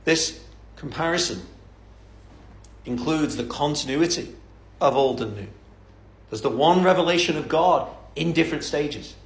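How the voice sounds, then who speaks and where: A man's voice: a little high, measured pace, long pauses, roomy sound. A man preaching a sermon in a church, fervent and emphatic, building up with repeated phrases.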